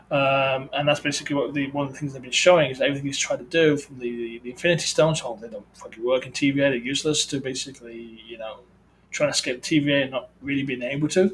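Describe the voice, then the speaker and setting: A man's voice: medium pitch, steady tone, fast, slight background noise, rough recording. A man co-hosting a casual pop-culture podcast, rambling with frequent restarts and stumbles. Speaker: podcast co-host. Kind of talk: casual chat.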